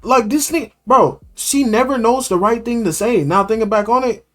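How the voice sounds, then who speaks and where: A young man telling a story in an animated, slangy way, tossing in "bro" a lot. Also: extremely high pitch, moderate pace, soft background music. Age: young adult. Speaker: streamer.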